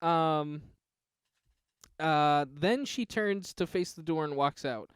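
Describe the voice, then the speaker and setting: A man's voice: fairly high pitch, takes it slowly, clean tone, no echo, studio quality. Man reading a text game aloud. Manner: reads game text aloud with laughing asides. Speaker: podcast co-host. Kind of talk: casual podcast chat, reading out a text game.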